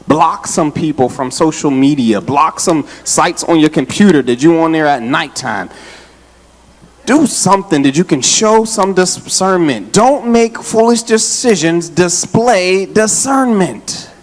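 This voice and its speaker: A man preaching in a church, his voice set a little high for a man. He jokes with the congregation and talks straight to them in a loose, casual way. He sounds out of breath, as if he has been running. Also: expressive, a little slow. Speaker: associate pastor. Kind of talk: lively Father's Day sermon. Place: church sanctuary.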